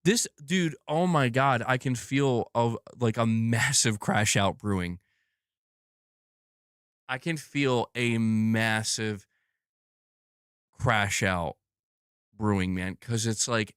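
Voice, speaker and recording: A man's voice: medium pitch, expressive, slow pace, fairly bright tone, smooth, no echo, clean studio sound. Exasperated, swearing male streamer. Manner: profane, exasperated ranting. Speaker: gaming news streamer. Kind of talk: live stream commentary.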